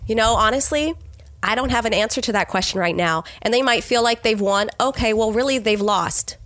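A woman's voice: fairly high pitch, fairly quick, fairly bright tone, no echo. A woman co-hosting a Christian podcast, speaking earnestly and acting out conversations about sharing her faith. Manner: earnest, acts out sample conversations. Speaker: podcast co-host.

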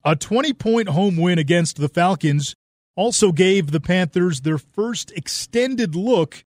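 Brief: male documentary narrator, slightly high voice, steady read, light music beneath. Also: a little slow, dry recording, studio quality.

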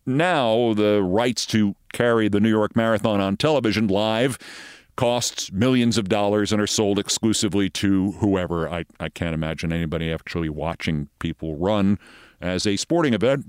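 A man's voice: lowish voice, normal speed, clean tone, no room sound, studio quality. A man in his sixties hosting a show, telling wry, conversational anecdotes. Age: 60s. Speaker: host. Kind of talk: monologue storytelling.

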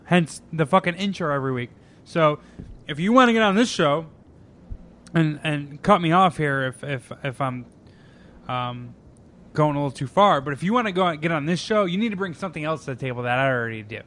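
A man's voice: a little high, animated, brisk, a bit bright. A man hosting a casual podcast, swearing freely, laughing often and restarting his sentences. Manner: profane, laughs easily, stumbles and restarts. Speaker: podcast host.

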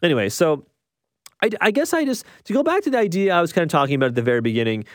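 A man talking through a movie review in a loose, chatty way, circling back and restarting his thoughts. His voice sits a little higher than most men's. The sound is close and dry, with no room around it. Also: big pitch swings, racing, dry recording. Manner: rambling, restarts a lot, chatty. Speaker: film reviewer.

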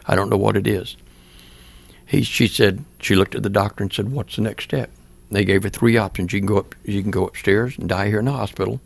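An older man, a pastor, earnestly tells a personal story in plain words during an interview, acting out remembered dialogue. His voice is fairly low and steady, with a brisk pace and vocal fry.

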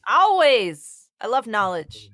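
A woman's voice: fairly high pitch, sing-song, slow pace, fairly bright tone, no room sound, studio quality. A woman co-hosting a podcast, chatting casually with a wry, theatrical flair. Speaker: podcast co-host. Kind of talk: casual chat.

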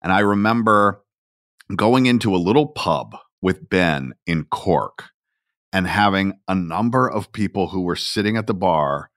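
Man, middle-aged, podcast host, deep voice, slow pace, dry close mic. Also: animated, fairly bright tone, no echo. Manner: chatty, self-deprecating, storytelling. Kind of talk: conversational podcast talk.

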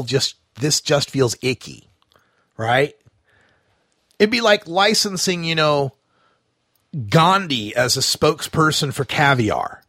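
A man hosting a talk radio show, delivering an animated, sarcastic monologue with plenty of fillers and asides. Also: fairly high pitch, dry recording, studio quality.

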